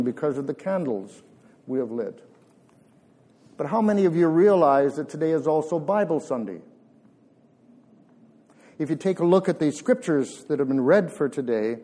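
A man preaching a sermon in church, earnest and measured with emphatic pauses. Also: fairly high pitch, mellow. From Canada.

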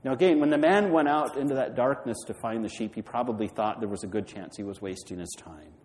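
A man's voice: medium pitch, fast talker, a little mellow, in a large hall, a little hiss or hum, low-quality recording. A man preaching a sermon, retelling a story and putting questions to the congregation. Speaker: pastor.

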